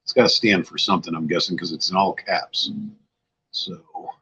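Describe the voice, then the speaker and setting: A man's voice: low voice, moderate pace, sharp tone, slightly rough, lo-fi sound. An older man hosting a casual livestream, tired and a bit scatterbrained, chatting loosely with viewers. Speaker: livestream host. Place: outdoors-like spot at home.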